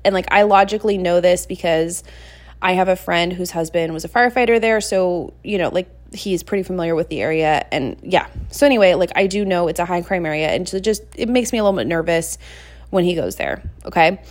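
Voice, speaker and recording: A woman's voice: lowish voice, a little fast. A woman in her thirties telling a personal story in casual, rambling chat, full of "like" and "you know what I mean", confessional and self-deprecating. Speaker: podcast host.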